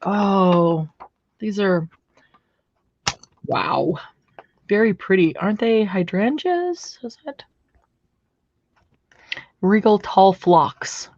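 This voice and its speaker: A woman's voice: mid-range voice, expressive, extremely slow, pauses often, a little mellow, lo-fi sound. A woman hosting a craft livestream from a home craft room, chatting casually and admiring her materials as she works. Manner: chatty, admiring, thinks aloud while working.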